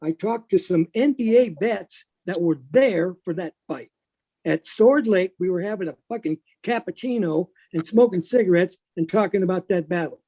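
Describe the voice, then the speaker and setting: A man's voice: high voice, normal speed, warm tone, poor audio. A man in his seventies, a veteran recalling a battle bluntly and swearing freely. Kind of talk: unscripted recollection.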